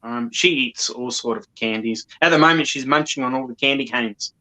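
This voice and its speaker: A man's voice: medium pitch, bright, forceful tone, low-quality recording. A man from South Australia with an Australian accent, chatting casually as an interview guest on a video call, with many ums and restarts. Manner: halting, many ums and repeated words.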